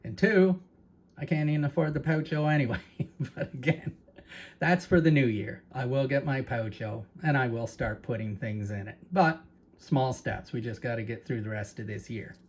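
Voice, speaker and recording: A man's voice: mid-range voice, moderate pace. A man with a Canadian accent, hosting his own channel, talks casually and rambles, repeating words and turning to his viewers with asides. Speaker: channel host. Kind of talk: casual talk to camera.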